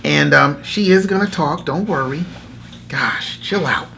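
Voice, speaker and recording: A man's voice: fairly high pitch, measured pace, vocal fry, crowd noise. A man hosting a casual faith talk, telling a story animatedly, acting out inner dialogue and laughing often between phrases. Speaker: host. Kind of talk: casual spoken testimony.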